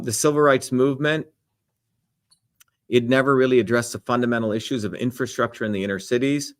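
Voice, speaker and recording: Middle-aged guy lecturing hard on a live stream, emphatic, mid pitch. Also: fairly bright tone. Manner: emphatic, lecturing, repeats "the reality is". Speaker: presidential candidate answering debate questions. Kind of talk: live-stream debate commentary.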